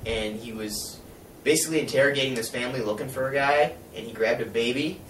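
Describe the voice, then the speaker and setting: A man's voice: medium pitch, fast, a bit bright. A man co-hosting a casual podcast who talks bluntly and swears a lot. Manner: profane, blunt, laughs often. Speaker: podcast co-host. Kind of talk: casual chat. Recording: echoey room, far from mic, faint noise.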